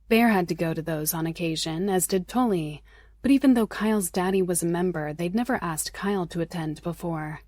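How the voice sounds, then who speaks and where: A woman narrating a romance audiobook in a soft, intimate way, often close to a whisper. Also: fairly low pitch, brisk, no room sound. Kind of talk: scripted narration.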